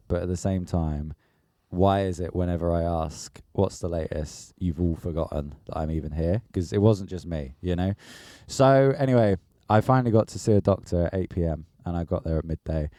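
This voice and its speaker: A man co-hosting a casual podcast, telling a long story with animated energy and plenty of swearing. His voice sits low and mellow. The sound is close and dry. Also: no echo. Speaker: podcast co-host.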